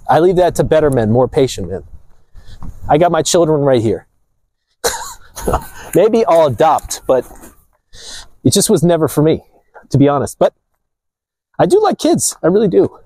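A man vlogging outdoors near the ocean, ranting casually to his viewers in a preachy, animated way. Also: on the high side, a little slow, long pauses, dry recording, low-quality recording. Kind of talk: casual outdoor rant to camera.

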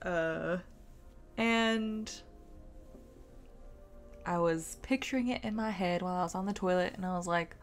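A woman's voice: lowish voice, unhurried, pauses often. Woman streamer gaming, cussing at the game, close mic, music going behind her. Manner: frustrated, swears a lot, talks to herself. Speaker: streamer playing a video game. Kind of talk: casual gameplay commentary. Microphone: close desk mic.

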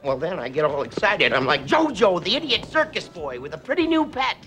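A man's voice: sits high, sing-song, fairly quick, faint music behind, full character voice. A manic, clumsy salesman. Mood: eager. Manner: manic, acts out every sound and voice, squeals and shouts. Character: clumsy overexcited male salesman, wild storyteller. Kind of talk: comic film monologue.

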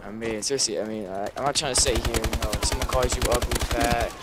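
A man's voice: medium pitch, fairly even intonation, fast talker, very noisy. A young man giving casual, rambling commentary over gameplay, subdued and swearing a lot. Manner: rambling, subdued, heavy swearing, lots of fillers. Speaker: gaming YouTuber. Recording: gunfire from gameplay behind voice. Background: video game gunfire.

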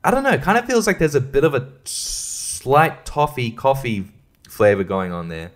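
Running a laid-back solo podcast while sleep-deprived, a male host meanders through his talk, cursing and frequently breaking into laughter. His voice is mid-range and expressive, and he speaks at a normal pace.

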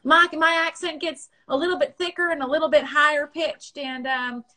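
A woman's voice: high-pitched, steady tone, normal speed, pushed and bright. A woman in her thirties hosting a casual Instagram live chat on her phone, chatty and rambling, laughing often. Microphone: phone livestream.

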